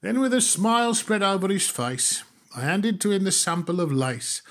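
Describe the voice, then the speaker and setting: A man's voice: high voice, lively intonation, normal speed, hardly any pauses, fairly bright tone. A man performing a music hall comic monologue, telling his story in rhythmic, exasperated patter.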